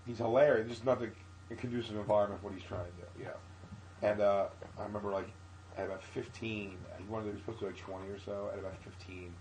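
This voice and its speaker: A man's voice: lowish voice, steady tone, fast talker, darkish tone, slight background noise, low-quality recording. A man comedian telling loose, profane stories in a casual podcast chat. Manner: loose, rambling, profane storytelling. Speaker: guest comedian.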